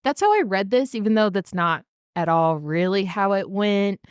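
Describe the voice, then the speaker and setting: A woman's voice: mid-range voice, lively intonation, normal speed, clean tone, no room sound, studio quality. A young woman co-hosting a book podcast in casual chat, laughing often and acting out characters' lines. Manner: giggly, acts out characters in quoted voices. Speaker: podcast co-host.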